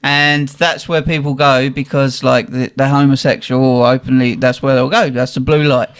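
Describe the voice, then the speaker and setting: A man telling an animated story on a podcast, laughing often and swearing freely as he talks. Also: medium pitch, moderate pace, smooth. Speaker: podcast host. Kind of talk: casual storytelling chat.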